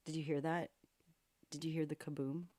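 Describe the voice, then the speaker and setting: The piano streamer's voice sits low and warm, keeping a fairly level pitch at a moderate pace. Taking requests live from home, she makes playful small talk with her audience and laughs at herself, her studio microphone moving nearer and farther.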